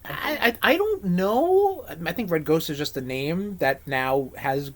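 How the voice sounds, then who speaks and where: A man co-hosting a casual podcast, rambling and animated, swearing freely as he chats. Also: on the high side, unhurried. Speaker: podcast co-host. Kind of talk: casual chat.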